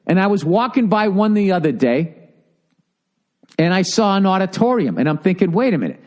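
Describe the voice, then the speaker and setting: Man, high voice, comedian, fired-up sarcastic rant, swearing nonstop. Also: lively intonation, normal speed, darkish tone. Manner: heated, sarcastic, swears constantly. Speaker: comedian podcast host.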